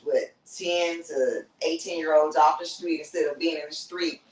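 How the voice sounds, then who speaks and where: A woman guest in a casual chat, speaking in a relaxed, rambling way with many fillers. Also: low-pitched, moderate pace. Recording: roomy, off-mic distance.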